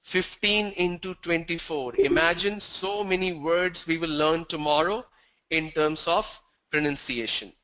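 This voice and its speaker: A man's voice: on the high side, a little slow, sharp tone, low-quality recording. A middle-aged man teaching English pronunciation in an online lesson, drilling sounds letter by letter and correcting common mistakes.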